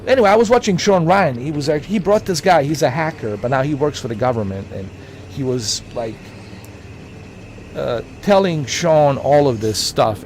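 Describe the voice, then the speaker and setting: A man's voice: medium pitch, a little mellow, slight background noise. A man hosting a casual livestream, rambling and repeating himself as he lectures his chat. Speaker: livestream host.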